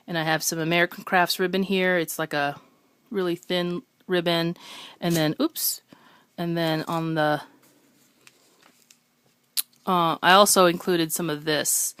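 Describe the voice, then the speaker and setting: A woman's voice: low-pitched, a bit bright, clear, resonant tone, no room sound. A woman casually showing her handmade crafts to the camera, talking in a chatty way with many ums and self-corrections. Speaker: craft video maker. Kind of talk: casual show-and-tell.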